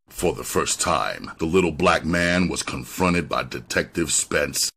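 Deep husky man reading a story. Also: a little slow, hardly any pauses. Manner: expressive storytelling read. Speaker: audiobook reader. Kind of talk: dramatic audiobook narration.

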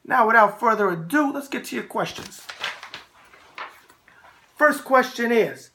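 A brash, animated middle-aged man with a New York accent hosts a casual talk show. His voice is bright and punchy. He swings freely between loud bursts and low asides. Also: measured pace, long pauses. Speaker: host.

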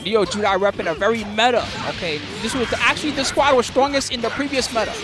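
Over game music, this fighting-game tournament host talks fast in a very high voice. He commentates the live matches, jokes with chat in slang, and laughs frequently.

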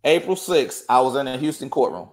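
A man's voice: medium pitch, fairly quick. A man telling a courthouse story in casual chat, acting out the dialogue. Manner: animated, acts out quoted dialogue. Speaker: guest.

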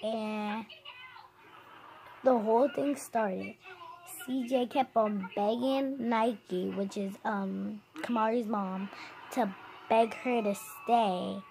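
A woman's voice: medium pitch, fairly even intonation, takes it slowly, vocal fry, mellow, a little hiss or hum. A woman vlogger casually retelling gossip in a chatty, slangy, rambling way.

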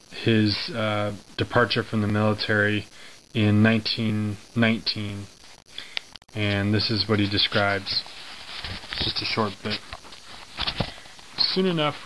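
Man reading a memoir aloud, casual, halting, bright forceful tone, slightly low pitch. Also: slight background noise, rough recording. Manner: informal, halting, with fillers and self-corrections. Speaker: reader of a memoir. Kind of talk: casual recorded reading with asides.

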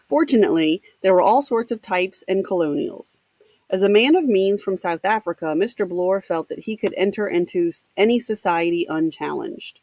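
A woman teacher reading a novel aloud for her students, pausing to explain with casual asides. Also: medium pitch, animated, a little mellow, no room sound. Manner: pauses to explain to students, with fillers. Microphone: home computer mic.

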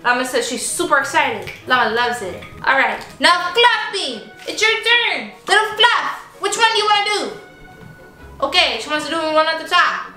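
A woman vlogger unboxing toys in a casual, gushing and excitable way, chatting to her stuffed animals as she goes. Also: high voice, moderate pace. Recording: echoey room with faint music.

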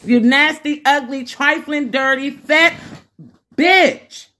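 A woman's voice: sits high, measured pace, sharp tone. A woman scolding someone in a heated, profane argument, repeating herself. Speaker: vlogger scolding a relative.

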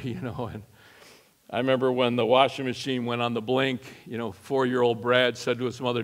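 Folksy man preaching in a reverberant church. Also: a little fast. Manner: folksy and animated, rising loud and high for punch lines. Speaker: guest preacher. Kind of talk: storytelling sermon. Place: church sanctuary.

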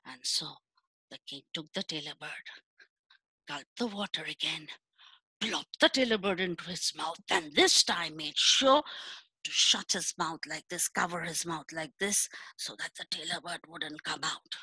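A woman telling a children's folk tale with animated, dramatic phrasing. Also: low-pitched, unhurried, slightly rough, no echo, rough recording. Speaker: storyteller. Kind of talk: children's storytelling.

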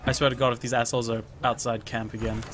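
A young man chats through a gaming session in an easy, mid-pitched voice, tossing out jokes and curses as he plays. Faint game music sits quietly underneath him. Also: flat delivery, fast. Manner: joking, swears freely, sings and mimics game lines. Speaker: gaming channel host. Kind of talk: casual gameplay chat.

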